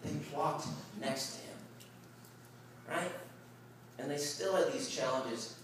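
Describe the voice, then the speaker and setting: A middle-aged man preaching a sermon, telling a story with lively animation, laughing and shouting at the high points. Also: slow, very echoey, far from the mic, a little hiss or hum, low-quality recording. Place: large hall at a retreat worship service.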